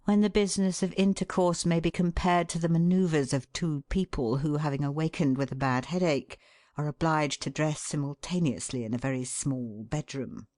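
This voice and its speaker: A woman giving an expressive, measured scripted narration of a book excerpt. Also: low voice, no echo, studio quality.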